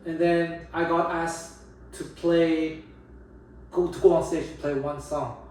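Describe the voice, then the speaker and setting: A man's voice: on the high side, flat delivery, slow pace, darkish tone, a little hiss or hum. A man, a jazz guitar teacher and host, talking casually and emphatically about playing for an audience, often restarting sentences. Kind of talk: casual talk on music teaching. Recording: roomy echo, distant mic, faint ambience.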